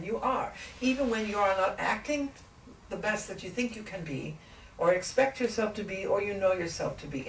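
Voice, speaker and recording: A woman in trance channeling a gentle, patient ancient male spiritual teacher, speaking slowly and deliberately with many rhetorical questions. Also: lowish voice, lightly acted. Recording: echoey room, distant mic, faint noise.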